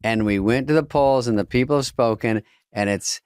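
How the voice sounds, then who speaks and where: A middle-aged man co-hosting a podcast, wry and deadpan, telling stories with quoted exchanges and sound effects. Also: mid-range voice, moderate pace, clear, resonant tone, no room sound, studio quality. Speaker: podcast co-host. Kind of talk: casual comedy chat.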